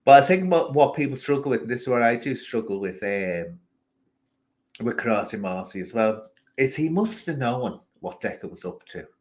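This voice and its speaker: A man's voice: medium pitch, animated, moderate pace. A man from England hosting a casual live stream, ranting animatedly and talking straight to people in the chat.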